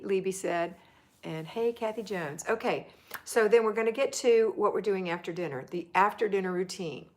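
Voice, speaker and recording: A middle-aged woman hosting a live homemaking chat, reading viewer comments aloud and cheering them on. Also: medium pitch. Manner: chatty and encouraging, reads comments aloud.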